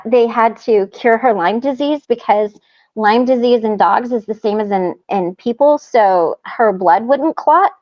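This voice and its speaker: A woman with a very high voice tells stories as a guest in a relaxed conversation. She is animated and laughs often. The recording sounds a little dull and muffled. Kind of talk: casual chat.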